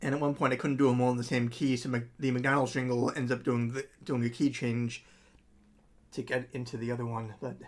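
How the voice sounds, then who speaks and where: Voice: medium pitch, little pitch movement, fairly quick. A musician chatting casually on their own livestream, rambling with many ums and frequent laughs.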